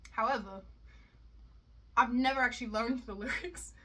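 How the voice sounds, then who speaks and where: A woman's voice: on the high side, normal speed, bright, forceful tone. A young woman vlogging in a casual, rambling way, swearing often and poking fun at herself. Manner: chatty, swears a lot, self-mocking asides.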